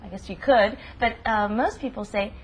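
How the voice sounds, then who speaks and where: A woman hosting a language lesson, upbeat and emphatic, drilling words slowly. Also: mid-range voice, slight background noise. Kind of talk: upbeat teaching.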